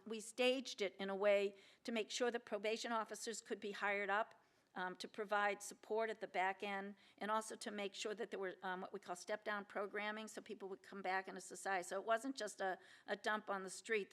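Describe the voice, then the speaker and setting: A woman's voice: mid-range voice, fairly bright tone. An older woman giving a conference keynote speech, earnest and emphatic, with many restarts and fillers and questions to the audience. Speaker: keynote speaker, federal judge. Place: lecture hall at a law symposium.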